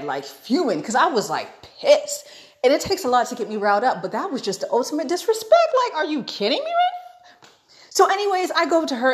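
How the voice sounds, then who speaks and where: A young American woman vlogger retelling a travel story in a casual, animated way, acting out what people said. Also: medium pitch. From United States. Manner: animated, dramatic retelling with quoted asides.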